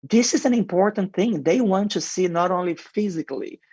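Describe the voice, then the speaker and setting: A man's voice: sits high, normal speed, a little mellow, breathy edge, no room sound, lo-fi sound. A male marketing executive with a heavy non-native accent, answering radio interview questions in an earnest, explanatory way with frequent fillers.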